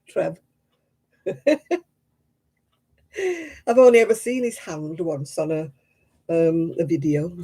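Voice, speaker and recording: A woman's voice: mid-range voice, mellow, husky. A woman hosting a crafting live stream, chatting casually with viewers in a self-mocking way and laughing often. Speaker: craft livestream host.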